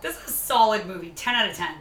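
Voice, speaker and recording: Podcast co-host, woman, playful and jokey, bright voice, echoey room, faint hiss. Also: medium pitch, fast. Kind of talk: casual chat.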